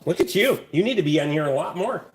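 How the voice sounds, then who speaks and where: A man's voice: on the high side, animated, quick pace, a crowd in the background. A man hosting a livestream, cracking crude jokes and swearing in casual banter. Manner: joking, crude, swears freely. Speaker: livestream host.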